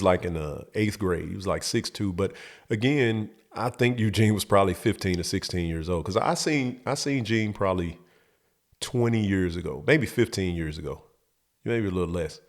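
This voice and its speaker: A man's voice: lowish voice, expressive, moderate pace. A middle-aged man hosting his show, telling a comic story in a loose, profane, laid-back way. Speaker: host.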